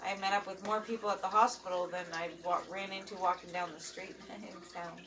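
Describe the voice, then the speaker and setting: A woman's voice: mid-range voice, flat delivery, fairly quick, few pauses. A middle-aged woman hosting a vlog in casual chat, rambling along with lots of ums and uhs. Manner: rambling and chatty, with many fillers. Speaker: vlog host. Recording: distant mic with running water noise.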